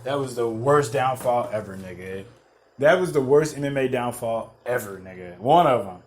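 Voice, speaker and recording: A man hosting a podcast, rambling in excitable, profane casual chat full of restarts. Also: mid-range voice, moderate pace, a little hiss or hum. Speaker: podcast host. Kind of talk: casual chat about MMA fights.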